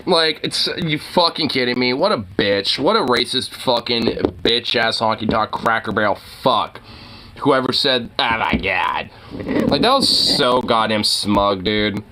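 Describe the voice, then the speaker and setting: A man's voice: mid-range voice, unhurried, hardly any pauses, background noise. A man giving casual, heated reaction commentary, rambling with fillers and restarts.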